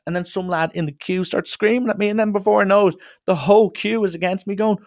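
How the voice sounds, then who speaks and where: A man's voice: sits high, fast, few pauses, no echo, studio quality. Ranting man telling a story. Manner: animated storytelling, swearing, acting out dialogue. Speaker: podcast host. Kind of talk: solo comedic podcast rant.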